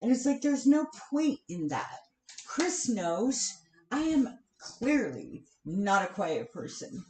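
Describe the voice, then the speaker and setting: A woman's voice: medium pitch, sing-song, slow pace, darkish tone. A woman venting on a live stream, heated and swearing often, with sighs between bursts of anger. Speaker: vlogger. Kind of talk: angry live-stream rant. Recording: roomy echo.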